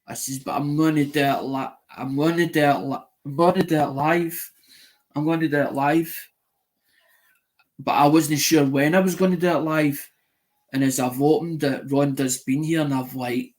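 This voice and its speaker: Man telling a rambling, higher-pitched story. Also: steady tone, normal speed. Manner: rambling, with frequent restarts and casual swearing; retells conversations by quoting them. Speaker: channel host doing a live mail call. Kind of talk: casual live-stream storytelling.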